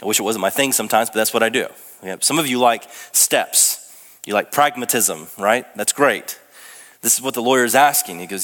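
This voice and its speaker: A young male pastor preaches in a loose, conversational style, often restarting his sentences and poking fun at himself. His voice sits fairly low, and a long reverb trails each phrase through the church sanctuary. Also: brisk, a bit bright. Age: young adult. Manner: conversational, self-deprecating, with frequent restarts. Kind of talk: sermon.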